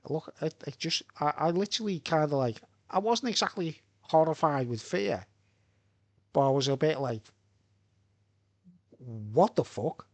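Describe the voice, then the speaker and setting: A man's voice: fairly high pitch, moderate pace, dry recording. A man from Birkenhead with a Merseyside accent, rambling through a live monologue full of asides and "right?" tag questions. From Birkenhead, England. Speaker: vlogger.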